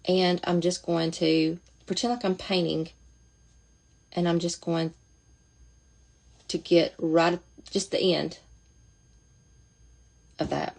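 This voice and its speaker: A woman's voice: on the low side, little pitch movement, slow, vocal fry, long pauses, darkish tone. A woman talking casually through a makeup demonstration, chatty and thinking aloud as she goes. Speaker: makeup seller demonstrating products.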